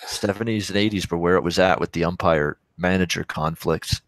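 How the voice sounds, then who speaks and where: A man's voice: sits low, brisk, dry recording, poor audio. A man co-hosting a sports show, chiming in agreeably during casual chat.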